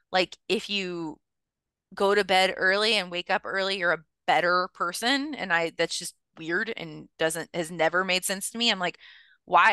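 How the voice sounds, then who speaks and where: A woman's voice: on the low side, pushed and bright, dry recording, clean studio sound. A woman co-hosting a podcast, musing in a casual, wry and rambling way. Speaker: podcast co-host. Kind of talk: casual chat.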